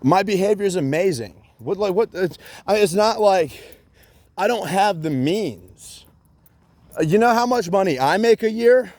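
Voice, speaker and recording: A man's voice: sits high, lively intonation, unhurried, darkish tone, dry recording. A man in a rambling solo rant, agitated and profane, repeating himself with many fillers and bits of sarcasm.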